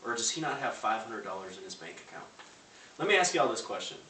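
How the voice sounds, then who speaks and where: A young network marketing presenter, very animated and fast-talking with a lowish, sharp voice, makes a brash motivational sales pitch to a live audience full of punchy rhetorical questions. Faint hiss and a roomy, distant sound mark the recording from a large room in a house.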